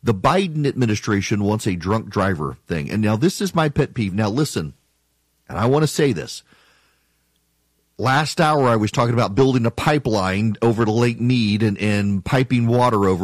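A man's voice: medium pitch, animated, normal speed, dry recording. A man hosting a talk radio show, delivering an opinionated monologue in an emphatic, argumentative way and mocking his critics.

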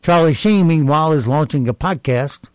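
A man hosting a radio talk show, reading jokes deadpan and stalling with ums between segments. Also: fairly high pitch, moderate pace, dry recording, poor audio.

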